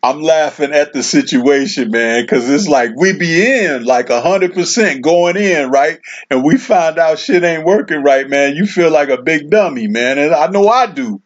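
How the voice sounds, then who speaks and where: On his own livestream, a man with a voice on the high side speaks expressively at normal speed, barely pausing. He's laid-back, reading viewer comments aloud and often dropping "man" and "you know," and the audio is dull and lo-fi.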